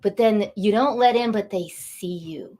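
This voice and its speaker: A woman in her late fifties, a guest on a talk show, telling her life story in an animated, emotional way. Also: mid-range voice, measured pace. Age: 50s. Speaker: guest, energy coach. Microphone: studio or video call mic.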